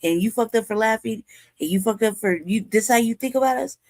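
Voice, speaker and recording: A woman's voice: on the high side, brisk, darkish tone, no echo. A woman in her forties co-hosting, reacting with blunt, profane outrage in heated commentary. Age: 40s. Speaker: co-host.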